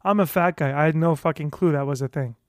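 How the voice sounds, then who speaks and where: A man's voice: on the high side, quick pace, no echo, clean studio sound. A man hosting his own podcast, delivering a profane, fired-up pep talk to himself in a monologue, often stumbling over and repeating words as he pushes on. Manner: profane, fired-up self-motivating rant; repeats and restarts words when worked up. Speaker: podcast host.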